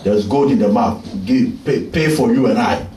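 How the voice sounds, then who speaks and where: A man preaching while voicing Jesus as a calm, commanding adult man who speaks low and unhurried. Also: roomy sound, distant mic, a little hiss or hum, close to an everyday voice, poor audio. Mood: casual.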